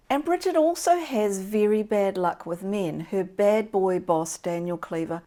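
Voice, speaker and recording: A woman's voice: mid-range voice, darkish tone. A woman in her fifties, hosting a casual book discussion in a frank, wry and blunt way, swearing freely. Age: 50s. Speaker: book show host.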